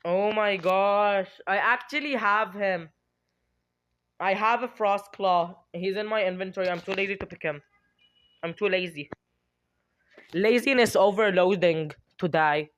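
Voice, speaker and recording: A young adult streamer excitedly comments on gameplay, giggling, squealing and dramatically talking to themselves. The voice is medium-pitched and unhurried, and the recording has its highs cut off.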